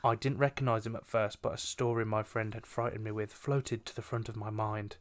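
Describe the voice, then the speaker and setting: A woman's voice: extremely low pitch, fairly even intonation, fairly quick. Giggly chatty woman reading fanfic. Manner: giggly, chatty, lots of fillers. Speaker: podcast co-host. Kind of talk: casual chat, reading fan fiction aloud.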